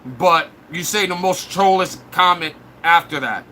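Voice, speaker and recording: A man on a live stream, crude and blunt, trash-talking the viewers in his chat. His voice sits high and has a bright, cutting edge. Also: measured pace, slight background noise.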